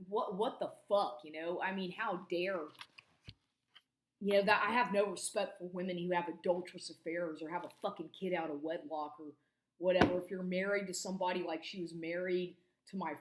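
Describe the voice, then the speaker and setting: A woman's voice: on the low side, steady tone, a little fast. Agitated woman in her forties, echoey room. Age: 40s. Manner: agitated, profane, stumbling restarts. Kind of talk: angry monologue to camera.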